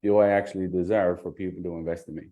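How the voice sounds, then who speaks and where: Deep-voiced blunt sales coach man. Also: steady tone, fast, mellow. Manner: blunt, scolding, swears often.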